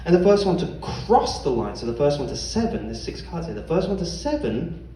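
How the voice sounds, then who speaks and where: A man's voice: a little high, very animated, brisk, warm tone. A man hosting a live stage game as game master, playful and often laughing. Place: stage before a live audience. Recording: echoey hall, far mic, crowd.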